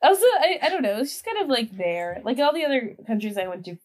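A woman's voice: fairly high pitch, big pitch swings, fast talker, a little mellow. Young woman, twenties, podcast guest, casual chat, chatty, filler-heavy. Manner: chatty, many fillers and giggles.

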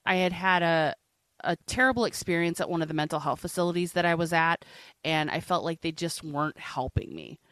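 A woman speaking as an interview guest, telling a personal story in a halting, earnest way with frequent restarts. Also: lowish voice, a bit bright, no echo.

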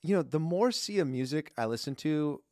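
A man co-hosting a podcast, chatting casually with a lively, swinging pitch and a quick habit of cracking jokes. His voice sits close and dry, as if recorded in a small studio. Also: no echo. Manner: jokey, animated, quick to crack puns. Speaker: podcast co-host; producer. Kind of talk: casual chat.

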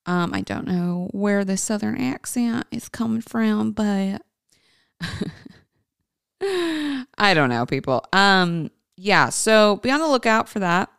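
A woman's voice: medium pitch, animated, slow, creaky, a bit bright, clean tone, dry recording, clean studio sound. A woman hosting her own podcast in a casual, chatty way, speaking informally to listeners as folks. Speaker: podcast host.

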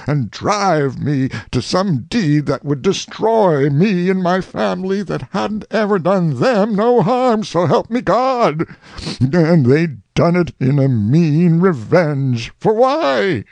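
A high, gravelly old farmer pours out an anguished confession, raging and pleading with slow, drawn-out words, as a male audiobook reader puts him on. The recording is dry and close. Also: no echo, full character voice. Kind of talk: audiobook reading.

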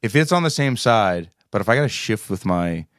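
A man's voice: fairly low pitch, animated, brisk, a bit bright, no room sound. A man, co-hosting a podcast in easygoing chat with dry jokes. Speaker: podcast co-host, touring musician. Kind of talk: casual chat.

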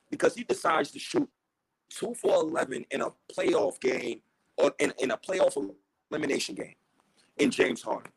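A man co-hosts a casual sports podcast, animated and heated yet joking, his pitch jumping around. His voice is gravelly and husky, in a dry, low-quality recording.

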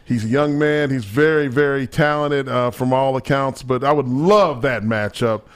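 A man's voice: medium pitch, normal speed. A man co-hosting a casual sports talk show, chatting and bantering about college football. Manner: animated, laughing banter. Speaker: co-host.

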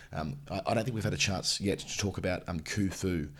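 A man's voice: deep voice, fairly quick, hardly any pauses, breathy edge. A man in his thirties hosting a cricket podcast, chatting casually with plenty of ums. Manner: hesitant, lots of ums. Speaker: podcast host. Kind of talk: casual cricket chat and read sponsor spot.

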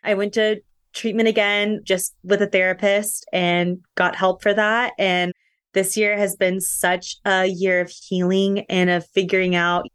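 A woman's voice: medium pitch, little pitch movement, measured pace, fairly bright tone, clean tone, no echo, studio quality. Earnest young woman opening up. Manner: earnest, reflective, faith-centred talk. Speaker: podcast guest. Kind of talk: candid personal interview.

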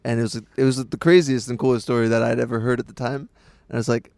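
Gravelly man, dry close sound. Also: mid-range voice, little pitch movement, quick pace, few pauses, darkish tone, no room sound. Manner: joking, self-mocking. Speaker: guest. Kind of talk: casual chat.

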